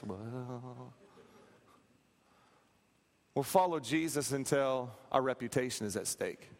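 A man preaching a sermon, telling a story with animated, acted-out quotes and humor. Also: mid-range voice, slow, long pauses. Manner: animated, acts out quotes, plays for laughs. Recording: reverberant hall.

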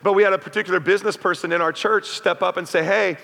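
High, bright-voiced man preaching in a hall. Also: fairly even intonation, quick pace, creaky. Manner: conversational, with call-outs to the congregation. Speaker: pastor. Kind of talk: sermon. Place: church sanctuary. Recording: reverberant hall.

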